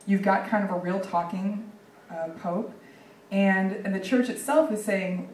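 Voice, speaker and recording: A young woman from Texas doing a sarcastic, deadpan stand-up set at a comedy club, with plenty of ums and likes. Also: medium pitch, unhurried, a little hiss or hum. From Dallas, Texas. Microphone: handheld stage mic. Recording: echoey room from far off.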